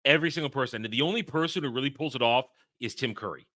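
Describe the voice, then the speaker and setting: A man's voice: medium pitch, rapid-fire, pushed and bright, no echo, studio quality. A man hosting a casual film review chat, opinionated and emphatic as he rants. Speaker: podcast host reviewing a film.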